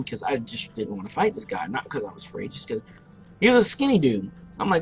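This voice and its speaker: A man's voice: high-pitched, animated, quick pace. Brash, profane man telling gaming stories. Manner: brash, profane, boastful storyteller. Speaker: gameplay commentator. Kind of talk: casual let's play storytelling.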